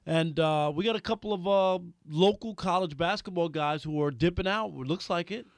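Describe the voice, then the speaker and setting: A man co-hosting a sports radio show, arguing points with animated emphasis. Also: high-pitched, normal speed, no room sound, clean studio sound. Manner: animated, argumentative, mocks whiny voices.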